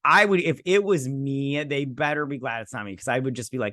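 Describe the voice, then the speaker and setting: A man's voice: mid-range voice, moderate pace, sharp tone, no room sound, studio quality. A man hosting a casual show recap, sarcastic and rambling, often quoting characters in voices. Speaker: host.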